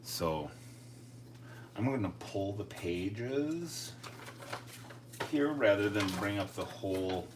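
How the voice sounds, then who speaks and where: A man's voice: fairly low pitch, expressive, slow, pauses often, background noise. A man chatting casually on a live stream, thinking aloud and joking at his own expense. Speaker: coin collecting live streamer.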